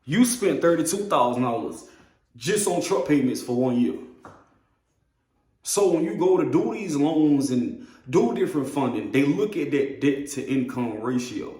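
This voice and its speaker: A man who drives trucks, telling a story in a blunt, profane, animated way. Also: a little high, measured pace, roomy sound. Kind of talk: casual storytelling rant.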